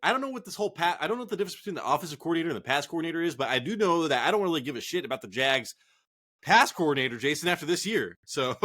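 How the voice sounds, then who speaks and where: A man co-hosting a casual fantasy football chat, profane, excitable and rambling. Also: fairly high pitch. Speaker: fantasy football podcast co-host.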